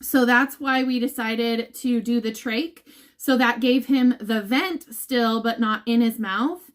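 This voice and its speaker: Speaking slowly in a voice on the high side, a woman vlogger updates her followers casually. Emotion runs through it: she laughs and occasionally seems near tears.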